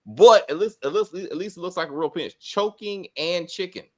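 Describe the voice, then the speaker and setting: A middle-aged man hosting a casual TV review chat, rambling, swearing and talking in an animated way. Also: sits high, moderate pace, heavy background noise. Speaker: TV review host.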